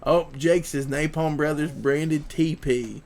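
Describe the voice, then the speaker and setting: A man's voice: on the high side, fairly even intonation, slow, few pauses, noisy background. A man, hosting a livestream podcast in a casual, rambling way, reading viewer comments aloud.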